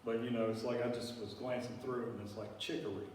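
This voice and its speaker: A man's voice: mid-range voice, steady tone, fast, a little mellow. A man giving a casual, rambling talk about plants to a small group, with lots of fillers. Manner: rambling, filler-heavy, folksy. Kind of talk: casual presentation to a local audience. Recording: echoey room, distant mic, faint hiss.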